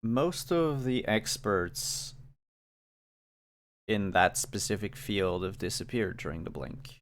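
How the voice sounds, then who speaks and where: A man voicing a proud, put-upon male scientist, low-pitched and sarcastic, grumbling about being short of help. He sounds irritated and a little worried, with a dry, biting edge in a tabletop game. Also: expressive, slow.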